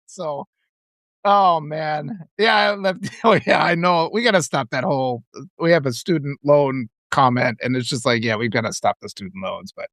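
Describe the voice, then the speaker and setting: A middle-aged man hosting a casual live stream, talking in a rambling, animated way with many restarts and laughs. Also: on the high side, moderate pace, no echo, studio quality. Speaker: author and live-stream host.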